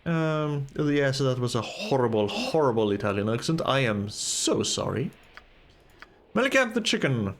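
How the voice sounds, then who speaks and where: A man's voice: medium pitch, very animated, a little slow, fairly bright tone. A man giving casual let's play commentary, chatty and thinking aloud while he plays. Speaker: gamer.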